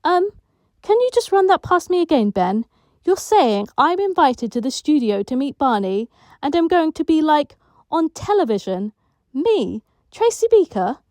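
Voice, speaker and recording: A woman's voice: a little slow, no room sound, clean studio sound. A woman voicing a bold, bossy ten-year-old girl in care, brash and boastful. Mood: amazed. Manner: brash, boastful, shrill when excited.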